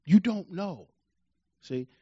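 Preacher, male, slightly high voice, folksy storyteller, lo-fi dull recording. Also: takes it slowly, breathy edge. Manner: folksy storytelling, chuckling, animated retelling. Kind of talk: sermon with anecdote and Bible reading.

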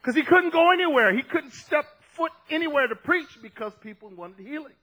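A man preaching a fervent sermon, dropping low and then shouting as he acts out scripture. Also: lively intonation, fairly quick, rough recording.

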